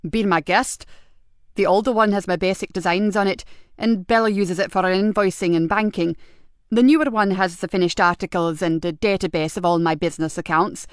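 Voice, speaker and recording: A woman's voice: fairly low pitch, fairly quick, smooth, no echo, studio quality, close to an everyday voice. A woman reading an audiobook, voicing a mild, matter-of-fact husband in a plain everyday voice.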